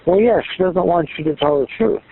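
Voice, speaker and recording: A man's voice: high-pitched, brisk, husky. A man in a casual phone conversation, giving advice in a coaxing, loose, rambling way. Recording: tinny phone line with faint noise.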